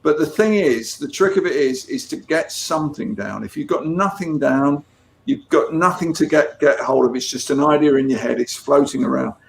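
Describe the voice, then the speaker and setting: A man's voice: a little high, normal speed, creaky, a little hiss or hum. A man, a comics artist chatting casually as an interview guest, with many restarts. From England. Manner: chatty storyteller with frequent restarts.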